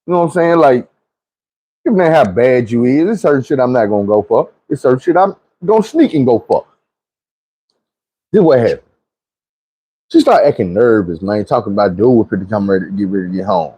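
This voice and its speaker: A man's voice: medium pitch, animated, fairly quick, pauses often, dark tone, husky. A man telling a comic personal story in a casual, profane way, acting out the quoted voices. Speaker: storyteller host.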